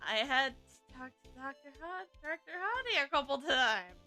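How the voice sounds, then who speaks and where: A woman's voice: high-pitched, animated, moderate pace, bright, forceful tone, faint music behind. Chatty young woman playing a game. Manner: chatty, laughing asides. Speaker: let's play streamer. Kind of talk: casual gameplay commentary.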